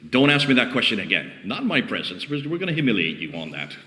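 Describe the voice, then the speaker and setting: A man's voice: mid-range voice, very animated, quick pace, bright, forceful tone, echoey room, long reverb tail, a little hiss or hum. A man preaching in a heated open-air debate, firing off challenging rhetorical questions. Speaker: street preacher.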